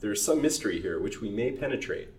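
A man's voice: lowish voice, sing-song, fast talker, slight background noise. A man doing a stern old father. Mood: grave. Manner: stern, sharp. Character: stern, grieving older gentleman, a father. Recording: roomy recording from a distance.

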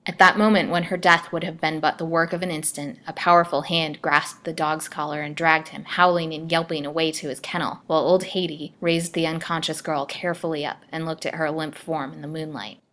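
A woman storyteller reading a melodramatic serial aloud with expressive delivery. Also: low-pitched, brisk, few pauses. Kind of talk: scripted narration.

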